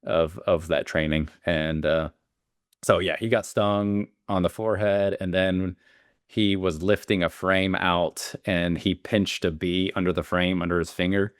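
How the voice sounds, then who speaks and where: A man's voice: deep voice, fairly even intonation, unhurried, no echo, studio quality. A man, a beekeeper guest telling stories in a rambling way, full of fillers and restarts. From Alabama. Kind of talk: casual interview storytelling.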